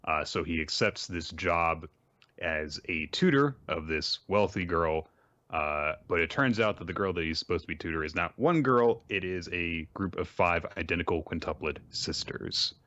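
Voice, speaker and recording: A man hosting a podcast, summarizing a manga series in a rambling, measured way with lots of fillers. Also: sits low, pushed and bright, no echo. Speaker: podcast host. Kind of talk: casual chat and series summary. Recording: dry, dull lo-fi mic.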